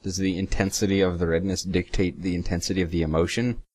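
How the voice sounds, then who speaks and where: In a reaction video, a young man with a very deep voice delivers fast, flat sarcasm, cursing offhandedly and tripping over lines he reads out. His tone is a little mellow and slightly rough, and the close, dry audio carries no room sound at all.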